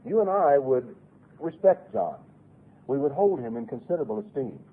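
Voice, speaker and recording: A man's voice: mid-range voice, sing-song, moderate pace, breathy edge. A man preaching a sermon, earnestly reading scripture aloud with rising and falling emphasis. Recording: lo-fi phone-like radio broadcast.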